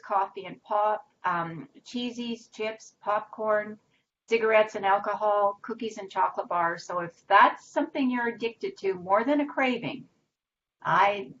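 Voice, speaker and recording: A woman's voice: mid-range voice, a bit bright. Woman co-host, casual chat, rambling with fillers, muffled lo-fi audio, faint hiss. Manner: rambling, filler-heavy, says "you know" and "right" often. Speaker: co-host of a live web show.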